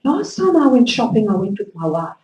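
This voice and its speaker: A woman's voice: on the high side, big pitch swings, brisk, darkish tone, reverberant, a little hiss or hum. A woman voicing a matter-of-fact male business student in a story told to an audience. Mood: dry.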